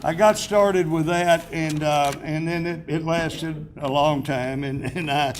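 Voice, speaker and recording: A man's voice: fairly high pitch, steady tone, measured pace, slight background noise. Older man telling folksy stories. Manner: chatty storyteller with self-deprecating humor, restarts and chuckles. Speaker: award honoree giving acceptance speech. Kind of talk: folksy anecdotal speech. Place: awards banquet hall.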